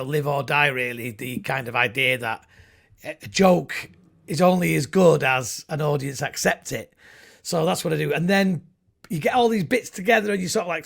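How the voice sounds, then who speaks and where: Middle-aged male comedian, gravelly and husky, loose rambling storyteller. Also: fairly high pitch, fairly bright tone. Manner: rambling, jokey storytelling with comic voices. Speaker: comedian guest. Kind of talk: casual chat.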